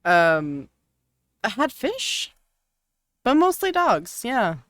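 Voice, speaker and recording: A woman's voice: on the high side, very animated, very slow, fairly bright tone, no echo, studio quality. A woman co-hosting a casual podcast with wry, laid-back banter. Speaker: podcast co-host. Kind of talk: casual chat.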